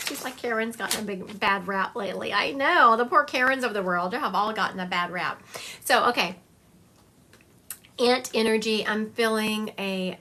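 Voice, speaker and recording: A woman's voice: mid-range voice, bright, forceful tone. A woman giving a psychic medium reading on a live stream, talking in a chatty, confiding way and thinking aloud as she goes.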